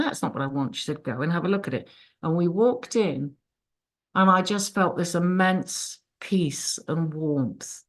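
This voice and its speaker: Woman, lowish voice, raw emotional recovery share, swears, video call. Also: a bit bright. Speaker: speaker sharing her recovery story. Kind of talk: personal testimony at a support meeting.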